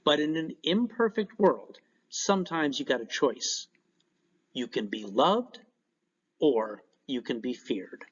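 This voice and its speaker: A male teacher gives a recorded class lecture with a husky edge to his voice. His pitch swings widely as he makes his points and throws in joking asides. The sound is dull and lo-fi. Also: animated, slow pace.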